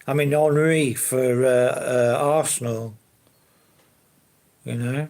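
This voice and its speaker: A man hosts a relaxed live stream and answers viewers as they come in. His voice sits at a middling pitch with a gravelly edge, and he rambles along easily, leaning often on fillers. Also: slow. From London. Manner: easygoing, rambling, fillers and hedges like to be honest.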